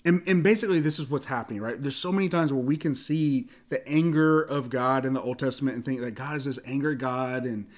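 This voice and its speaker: A man giving a casual sermon, animated, often laughing and acting out the dialogue of the story, with frequent restarts and filler words. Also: medium pitch, quick pace, hardly any pauses. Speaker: preacher.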